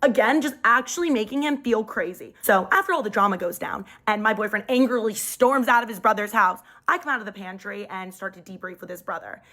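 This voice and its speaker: Young woman, casual storyteller, phone mic, lively delivery with pitch jumps. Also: brisk, few pauses.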